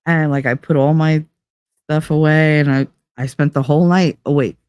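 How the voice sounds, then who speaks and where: A woman podcast host tells a personal story in a casual, chatty manner, saying "like" constantly and acting out other people's lines. Her voice sits low and is dark, clear, and resonant, with a steady tone and moderate pace in a dry recording.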